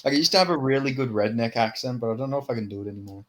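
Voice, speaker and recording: A man's voice: medium pitch, expressive, racing. A man co-hosting a casual podcast chat, loose and profane, laughing at his own failed accent impressions. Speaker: podcast co-host.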